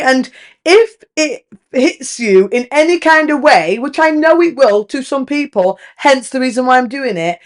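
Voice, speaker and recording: A young British woman hosting a podcast, talking frankly and in a rambling, confessional way, full of "like". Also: high-pitched. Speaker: podcast host. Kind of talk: candid confessional chat.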